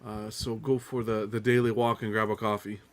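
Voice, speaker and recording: A man's voice: fairly low pitch, level tone, moderate pace. A man chatting casually on a livestream, offhand and dry, swearing casually. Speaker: panelist.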